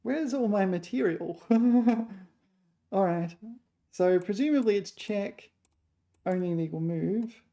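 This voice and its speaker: A woman chess player thinking aloud while solving puzzles, muttering her move calculations in short fragments, a little hoarse. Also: mid-range voice, takes it slowly, long pauses, warm tone.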